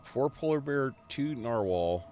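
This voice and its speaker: A man giving casual gameplay commentary on a live stream, relaxed and rambling, coughing often. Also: mid-range voice, unhurried, a little hiss or hum. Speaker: game streamer.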